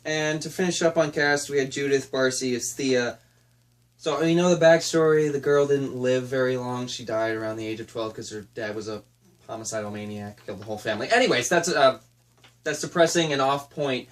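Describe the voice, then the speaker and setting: A man's voice: mid-range voice, fairly quick. A man co-hosting a casual movie review chat, sarcastic and laughing often.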